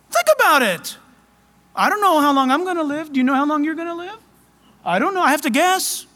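Man preaching, very high voice, bright tone, fervent and excited. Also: fairly quick, big-room sound. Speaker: pastor. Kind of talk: sermon.

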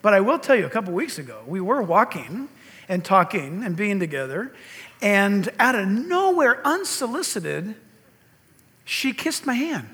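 An older man, a pastor, preaching a sermon with earnest rhetorical questions; his high, reedy voice has been compared to a cartoon frog. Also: big pitch swings, a little slow, sharp tone.

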